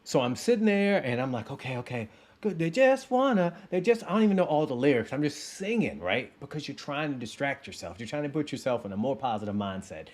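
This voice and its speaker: A man in his thirties telling a casual personal story to his listeners, animated and playing out his own inner voice. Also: medium pitch, brisk. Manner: animated, acts out sounds and inner voice. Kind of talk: casual anecdote told to listeners.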